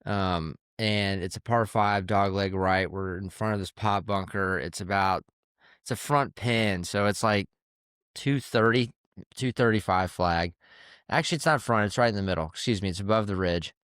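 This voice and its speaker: A man's voice: fairly low pitch, moderate pace, fairly bright tone, clear, resonant tone, no room sound, clean studio sound. A man who works as a caddie and hosts a podcast, telling stories from the course in a candid, conversational way and swearing casually. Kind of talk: casual storytelling.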